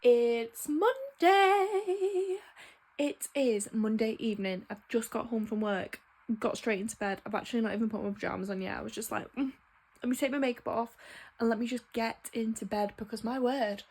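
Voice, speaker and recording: A woman's voice: a little high, a little mellow. A young woman chatting casually in a vlog, frank and ranting, swearing freely. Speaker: book vlogger.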